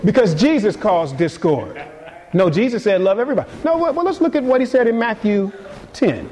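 A man delivering a sermon with a fairly high voice. He talks casually and stumbles over repeated words, then climbs into sudden emphatic peaks before dropping back down low. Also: expressive, brisk, a little hiss or hum. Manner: dynamic preaching, swings between quiet and emphatic. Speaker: pastor.

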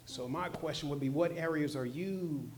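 A man preaching a sermon in a casual, slangy way, swinging from loud, emphatic stretches to soft, low asides. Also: normal speed, a crowd in the background. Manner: conversational, slangy, with short emphatic repeats. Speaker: pastor.

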